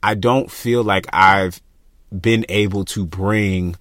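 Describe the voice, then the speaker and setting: Passionate young man, low dry voice. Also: no room sound. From Florida, US. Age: young adult. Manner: passionate, animated, talks through ideas with many fillers. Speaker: podcast co-host. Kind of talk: casual chat.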